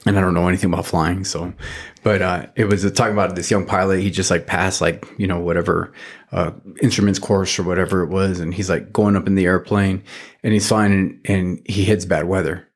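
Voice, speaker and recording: A man's voice: low voice, level tone, brisk. A man hosting a faith podcast, talking casually and rambling with lots of fillers and restarts. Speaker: podcast host.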